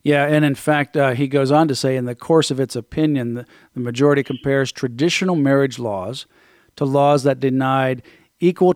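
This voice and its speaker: A man's voice: mid-range voice, a little mellow, no room sound, clean studio sound. A man hosting a talk radio show, earnestly reading out quotes and commenting on them. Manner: earnest, reads quotes aloud. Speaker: radio host.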